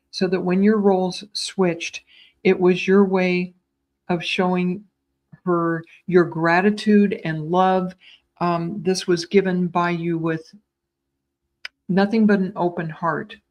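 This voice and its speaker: A woman giving live psychic readings, speaking in a tender, soothing way with gentle repetitions and small stumbles, calling viewers sweetheart. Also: on the low side, steady tone, slow pace. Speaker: psychic medium.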